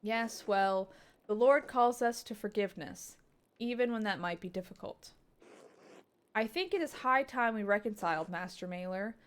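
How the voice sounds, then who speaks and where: A woman's voice: mid-range voice, clean tone, close to an everyday voice. A woman reading as a stern old abbot. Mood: stiffly formal. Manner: formal, measured reading. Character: stern older male abbot, sanctimonious and cold.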